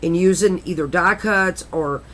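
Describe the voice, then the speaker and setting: A woman's voice: lowish voice, a little slow. A middle-aged woman chatting casually and rambling a little as she flips through a handmade craft journal, often correcting herself. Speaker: crafter showing her journal.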